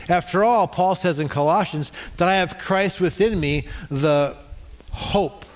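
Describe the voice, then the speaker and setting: A man's voice: high voice, a little slow. A middle-aged male pastor preaching a sermon, leading the congregation in call-and-response.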